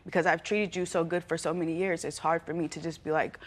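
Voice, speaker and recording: A young woman testifying on a courtroom show, chatty and constantly filling her sentences with "like". Her voice sits a little low for a woman. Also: flat delivery, quick pace. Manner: chatty, heavy use of "like". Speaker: litigant.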